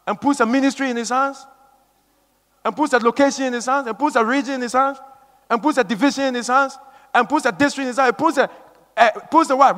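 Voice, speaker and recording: A male preacher giving a sermon with emphatic, repetitive storytelling that swings from hushed tones to shouting. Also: very high-pitched. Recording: long reverb of a large hall.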